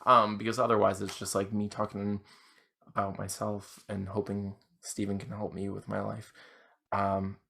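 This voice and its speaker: Drunk man rambling, gravelly low voice. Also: completely flat delivery. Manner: rambling, self-deprecating, halting restarts. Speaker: podcast host. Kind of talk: rambling casual monologue answering questions.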